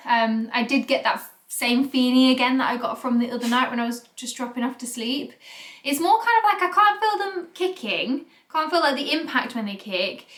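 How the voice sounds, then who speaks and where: A woman's voice: on the high side, fairly bright tone. Chatty pregnant woman vlogging, a bit breathless. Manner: chatty, rambling with fillers and restarts. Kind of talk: casual chat to camera.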